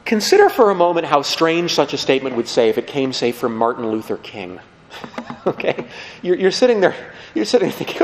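A man preaching a lively, conversational sermon, acting out the people he quotes. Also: a little high, fairly quick. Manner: animated, conversational, acts out quotes. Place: church. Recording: long hall reverb.

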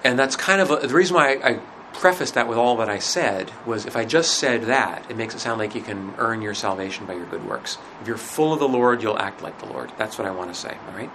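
A man teaching a religion class in a conversational lecture, asking rhetorical questions and often pausing with fillers. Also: medium pitch, background noise.

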